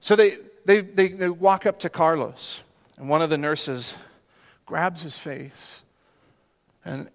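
Pastor, male, high-pitched, earnest preaching with quiet hushed moments; reverberant sanctuary. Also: slow. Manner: earnest, with sudden soft hushed drops for emphasis. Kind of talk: sermon. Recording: long hall reverb.

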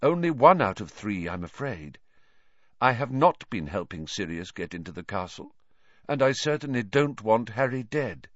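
A man voicing a calm, weary male teacher who speaks in a measured, restrained way. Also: mid-range voice, no room sound, lo-fi sound. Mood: cool.

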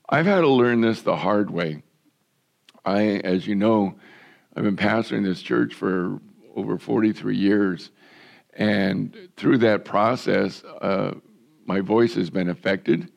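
Hoarse, gravelly older male pastor. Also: on the low side. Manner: earnest, measured preaching with repeated words. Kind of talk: sermon.

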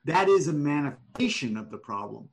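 A man giving one-on-one manuscript feedback over an online call, explaining deliberately and thinking aloud. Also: a little high, big pitch swings, vocal fry, faint music behind. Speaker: writing coach.

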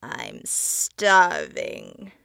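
A woman's voice: extremely low pitch, wildly swooping pitch, very slow, gravelly, pushed and bright, clear, resonant tone, no echo, studio quality, voice pushed down, heavily acted. A woman voicing a grotesque, greedy old man's face that leers and growls demands. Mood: demanding.

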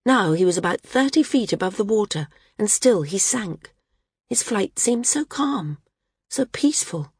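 A woman narrating a novel in a measured reading voice, raising her pitch for shouted dialogue. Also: lively intonation, husky, no room sound, clean studio sound. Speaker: audiobook narrator. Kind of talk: scripted narration.

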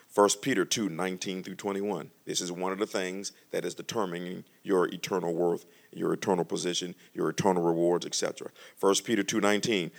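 A man preaching a sermon as pastor, joking between slow, emphatic scripture readings. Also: low-pitched, vocal fry. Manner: lively, humorous preaching, reads scripture slowly and loudly.

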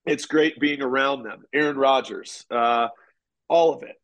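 A man in his forties, a former ballplayer, telling stories in a relaxed, rambling way during an interview. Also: medium pitch, measured pace. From United States. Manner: relaxed, rambling, many restarts. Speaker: podcast guest, former pitcher and golfer. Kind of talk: casual interview storytelling.

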